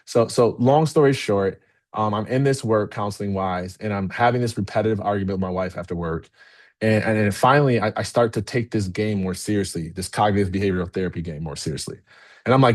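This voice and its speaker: A man giving a motivational talk as keynote speaker to a live audience, candid and energetic, often checking in with "okay?". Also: lowish voice, brisk. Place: event room with a live audience.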